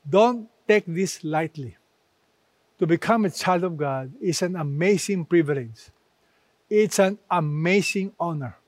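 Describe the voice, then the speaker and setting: A man delivers a sermon in an unhurried, emphatic way, leaning on repetition as he quotes scripture. His voice sits a little high for a man. The sound is dry and close. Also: dry recording. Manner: slow, emphatic preaching with repeated phrases. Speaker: preacher.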